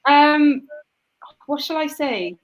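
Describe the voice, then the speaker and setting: A woman's voice: sits high, animated, takes it slowly, rough recording. A woman with a Welsh accent chatting casually on a live stream, bantering and laughing. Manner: chatty, breaks into song snatches and laughs. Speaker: co-host.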